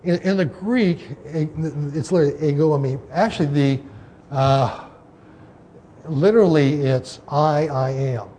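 Guy giving a bible study talk, warm mellow voice, lots of ums and uhs, faint hiss behind him. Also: fairly high pitch, unhurried. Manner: explanatory, with many fillers and restarts. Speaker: Bible teacher. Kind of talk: informal Bible study lecture.

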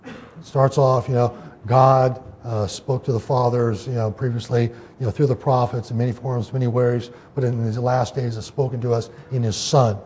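A man's voice: medium pitch, flat delivery, normal speed, darkish tone, a little hiss or hum. A man teaching an informal Bible study, explaining scripture in a loose way with many fillers and restarts.

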